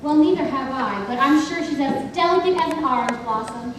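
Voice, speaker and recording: A young woman playing a gushing, excitable lady-in-waiting in a school stage musical, heard from far off in an echoey hall. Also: high-pitched, brisk, noisy background.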